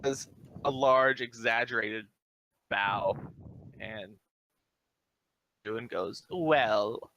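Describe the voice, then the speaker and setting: A man's voice: lowish voice, slow pace, pauses often, highs cut off. Man narrating as game master. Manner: relaxed, descriptive narration with fillers.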